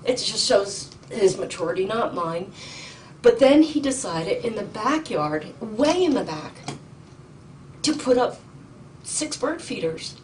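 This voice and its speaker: A middle-aged woman testifying in a courtroom, urgent and indignant, halting with ums and restarts. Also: medium pitch, sing-song, a little mellow. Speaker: petitioner in court. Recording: distant mic with faint noise.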